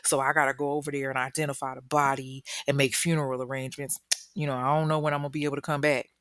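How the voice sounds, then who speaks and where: A controlling, unstable man who barks orders in blunt slang, as a woman narrator puts him on. The voice sits low and sounds dry and close, with no room around it. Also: flat delivery, quick pace, fairly bright tone, dry recording. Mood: smug. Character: volatile controlling man, boyfriend turned captor.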